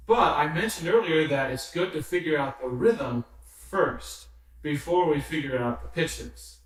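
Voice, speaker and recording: A man teaching basic music, speaking slowly and patiently in a fairly high voice. He is picked up from a little way off in a very echoey room, and the reverb rings behind every word. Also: a bit bright. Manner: patient, counts rhythms and sings solfege aloud. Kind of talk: slow instructional explanation. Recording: very echoey room, somewhat distant mic.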